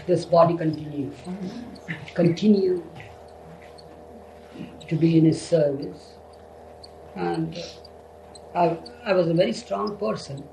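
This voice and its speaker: An older man recounting his memories in a halting way, repeating words and often saying "you see". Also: a little high, a little mellow, echoey room, slight background noise, low-quality recording. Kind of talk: reminiscing storytelling.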